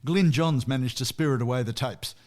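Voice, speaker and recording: A man's voice: mid-range voice, a little fast. Anecdotal man presenting a music segment. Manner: anecdotal, chuckles at his own stories. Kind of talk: casual radio chat.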